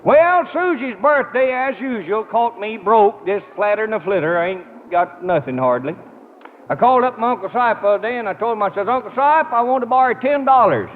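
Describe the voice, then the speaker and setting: A man's voice: high-pitched, expressive, fairly quick. A man telling a folksy comedy monologue on a live stage, drawling his punchlines and laughing at his own jokes. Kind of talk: rural stand-up comedy monologue. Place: large auditorium stage with live audience. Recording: tinny, noisy 1950 radio broadcast with hall echo.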